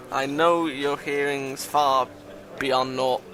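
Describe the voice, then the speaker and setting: A man reading a visual novel aloud in a dramatic voice, breaking off with loud exclamations, swearing and joking asides. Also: medium pitch, steady tone, measured pace, over music. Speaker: visual novel let's-play reader.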